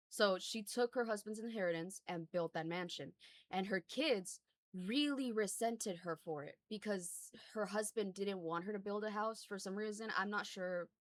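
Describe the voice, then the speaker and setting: A woman's voice: mid-range voice, a bit bright. A woman streamer telling a personal story in a casual, rambling way, swearing often, restarting sentences and leaning on fillers, earnest when she describes her feelings. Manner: earnest and emotional when recounting.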